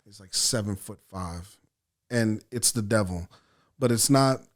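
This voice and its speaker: A low-pitched man from El Salvador, an actor and writer appearing as a podcast guest, tells stories in a casual chat at a slightly slow pace. He curses freely and is animated, acting out his own thoughts as he goes.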